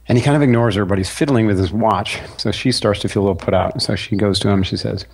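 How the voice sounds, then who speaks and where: A man's voice: on the low side, fast talker. A man talking as a podcast guest, telling stories easily and laughing along. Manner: relaxed storyteller, laughs easily. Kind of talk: casual interview talk.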